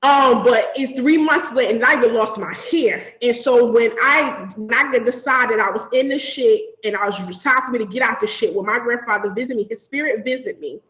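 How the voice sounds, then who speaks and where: A woman tells a personal story in easy chat, her voice a little high. She is animated and profane and acts out the people she quotes. The room around her has a noticeable echo. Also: brisk, hardly any pauses. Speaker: podcast guest.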